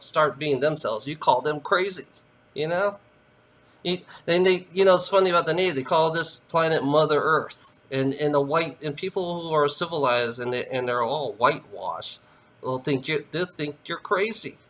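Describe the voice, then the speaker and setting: A man's voice: fairly high pitch, moderate pace, a bit bright. A man delivering a heated, profane ranting monologue to camera, repeating himself and tagging lines with "you know".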